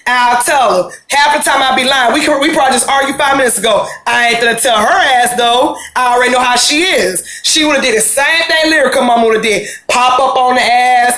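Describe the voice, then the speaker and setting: A woman talks through a TV episode recap, chatty and full of slang, drifting off into side comments. Her voice sits a little high and bounces around an echoey room. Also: fairly quick, hardly any pauses, fairly bright tone. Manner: chatty, slangy, rambling with asides. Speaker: show recap vlogger.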